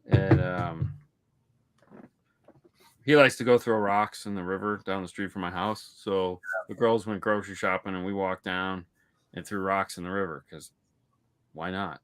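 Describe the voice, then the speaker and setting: A man's voice: deep voice, fairly bright tone, clean tone. A man co-hosting a podcast, chatting casually about movies and telling rambling stories with lots of restarts. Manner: rambling, full of restarts and storytelling. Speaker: podcast co-host. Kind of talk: casual movie-review chat.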